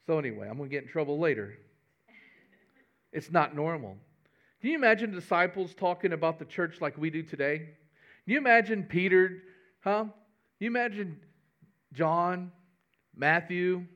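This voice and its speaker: A man's voice: on the high side, a little fast, pauses often, a bit bright, lo-fi sound. A man, a pastor giving a folksy, conversational sermon with humor.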